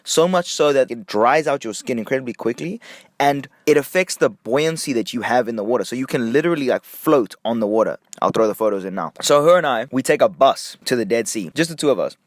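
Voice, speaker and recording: A young man from Nigeria telling a casual story-time vlog, jumping between hushed asides and excited, high bursts. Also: fairly quick, dry recording. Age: young adult.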